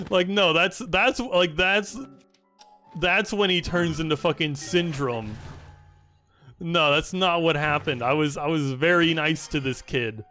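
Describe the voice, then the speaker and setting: Narrating his gameplay over soft background music, this young man speaks unhurriedly in a voice on the high side, bright and forceful. His casual storytelling wanders, with many restarts, filler words, occasional swearing, and frequent laughter at his own story.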